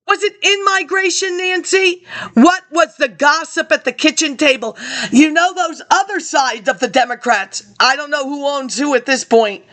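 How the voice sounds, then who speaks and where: A woman's voice: high voice, a little slow, a bit bright. A woman ranting about politics to an absent audience, confrontational and accusing, jumping from topic to topic.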